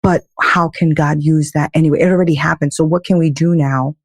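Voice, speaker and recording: A woman's voice: low-pitched, fairly even intonation, fairly quick, no room sound, clean studio sound. A woman guest on a podcast, a life coach, telling stories with emphatic, faith-filled energy. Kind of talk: casual podcast interview.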